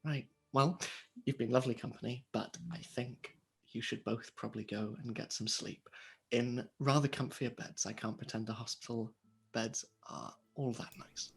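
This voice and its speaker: A man's voice: mid-range voice, steady tone, moderate pace, creaky, slightly rough. A man voicing a kindly, polite female hospital matron in a tabletop role-play. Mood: gentle. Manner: gentle, polite, chatty.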